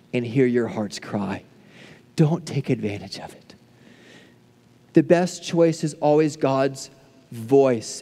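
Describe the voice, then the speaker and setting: A male pastor preaching a sermon, building to impassioned peaks and then falling to hushed, soft prayer. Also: medium pitch, in a large hall. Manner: impassioned, rising to near shouts then dropping to hushed tones.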